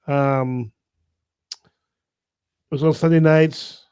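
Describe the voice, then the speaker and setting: A man co-hosting a casual podcast chat, telling stories in an animated, stumbling way. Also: fairly high pitch, very slow, clean tone. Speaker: podcast co-host.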